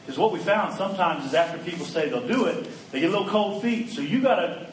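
A middle-aged man giving a folksy, animated talk at a conference, acting out bits of dialogue. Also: a little high, quick pace, slight background noise. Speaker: conference speaker. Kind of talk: preaching talk. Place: conference hall. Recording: echoey room, mic at a distance.

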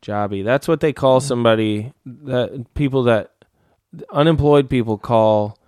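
A man's voice: medium pitch, a little slow, darkish tone, dry recording, studio quality. A man co-hosting a comedy podcast, trading profane, joking banter and laughing often. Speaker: podcast co-host. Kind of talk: crude casual banter.

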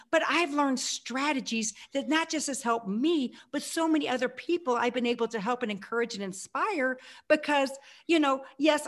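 Animated woman in her sixties. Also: high-pitched. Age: 60s. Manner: animated, acts out her own past voice. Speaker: guest. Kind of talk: storytelling interview answer.

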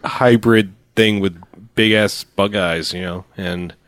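A man's voice: sits low, fairly even intonation, slow, background noise. A man co-hosting a casual movie chat, swearing and laughing often. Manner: profane, laughing, joking. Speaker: podcast co-host.

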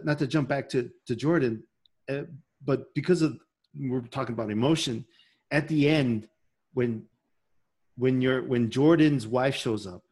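A man's voice: mid-range voice, husky. A man hosting a podcast in casual chat, rambling and emotional as he talks. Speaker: podcast host.

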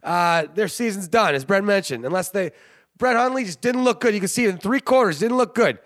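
A man's voice: sits high, animated, fairly quick, fairly bright tone, no room sound, studio quality. A man hosting a sports show, rambling and joking in casual commentary, often laughing. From Canada. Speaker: sports podcast host.

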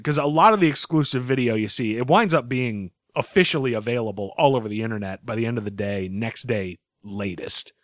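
A man's voice: medium pitch, brisk, few pauses, no room sound, clean studio sound. A man hosting a podcast, chatting casually, joking and swearing freely. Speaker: podcast host.

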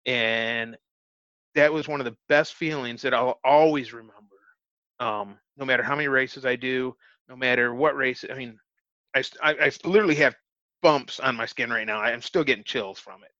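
A man's voice: mid-range voice, normal speed, bright, forceful tone, no echo. A man, an interview guest, telling a story in casual, earnest talk, often restarting his phrases. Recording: dull, dry lo-fi recording.

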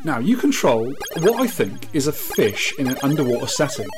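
A man's voice: mid-range voice, very animated, normal speed, over music. A man hosting a podcast, chatting casually and wryly, reading out specs with mock grandeur. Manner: playful, wry, reads out specs with mock grandeur. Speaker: podcast host. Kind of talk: casual podcast chat about retro games.

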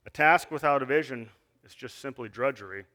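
Man, sermon, bright voice, earnest, conversational preaching with restarts. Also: medium pitch, brisk. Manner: earnest, with frequent fillers and restarts, reading scripture aloud. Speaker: lay preacher.

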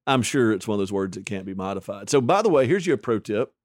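A man's voice: on the low side, big pitch swings, fast, dry recording. Male podcast co-host, wry and teasing, dry close mic. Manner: wry, teasing, explains things. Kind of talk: casual banter.

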